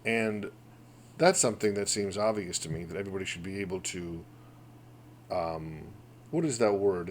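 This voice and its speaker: A man's voice: fairly low pitch, darkish tone, a little hiss or hum. Emphatic man ranting on a podcast. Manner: emphatic, rhetorical, digressive. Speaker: podcast host. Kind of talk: casual opinion monologue.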